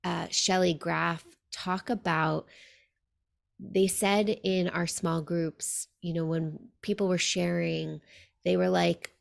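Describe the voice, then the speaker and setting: A woman hosting a podcast interview, talking in a reflective, gentle way with many "like" fillers. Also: on the low side, little pitch movement, slow pace, vocal fry. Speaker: podcast host. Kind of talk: conversational interview.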